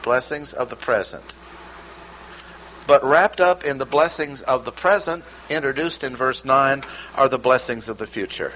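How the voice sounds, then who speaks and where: Man teaching scripture in measured, emphatic tones. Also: medium pitch. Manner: measured, emphatic, repeats key words. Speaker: Bible teacher. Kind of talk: expository Bible teaching. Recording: dull lo-fi recording with faint noise.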